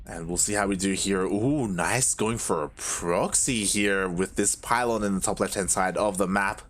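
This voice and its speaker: A young man from Australia with a mixed Australian and Spanish-influenced accent, casting a game live on his own, excitable and quick to exclaim. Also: low voice. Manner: excitable, exclaims often and laughs at chat. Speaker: esports caster. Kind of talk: solo live game commentary.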